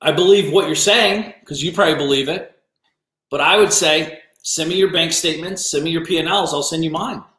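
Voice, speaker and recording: A man's voice: fairly high pitch, a little fast, pushed and bright. A man hosting a business coaching livestream, ranting bluntly and confrontationally with lots of swearing. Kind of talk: livestream rant. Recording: roomy echo.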